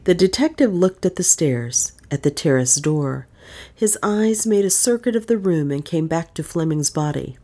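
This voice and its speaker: A woman with a low voice narrating a mystery novel. Her telling is measured and even. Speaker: audiobook narrator. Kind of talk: scripted narration.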